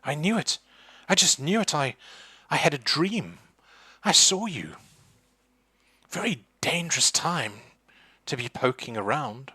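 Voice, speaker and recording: Man doing an old lady psychic for a tabletop game: high falsetto, fluttery, fussy. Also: animated, a little slow, long pauses, sharp tone, husky, dry recording, exaggerated voice. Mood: mystical.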